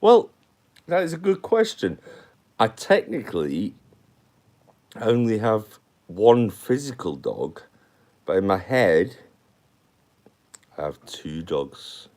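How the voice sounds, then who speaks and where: A man rambles through a casual live-stream chat. His voice sits very low, and he takes his time, drifting from one thought to the next as he talks to his viewers. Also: sing-song, slow, long pauses, a little mellow.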